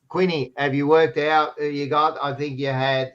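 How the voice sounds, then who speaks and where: A man's voice: fairly high pitch, flat delivery, normal speed. Blokey Australian man hosting a footy show. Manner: loud, blokey, swears freely. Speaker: host. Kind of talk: casual chat. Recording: dull lo-fi sound.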